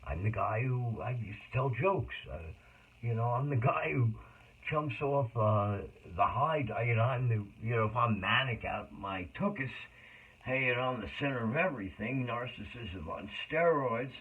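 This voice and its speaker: A man's voice: mid-range voice, lively intonation, moderate pace, slightly rough. Rambling middle-aged man, tinny sound. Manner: rambling, jumps between tangents. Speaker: autobiographical monologue speaker. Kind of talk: rambling personal monologue. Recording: tinny phone-like audio.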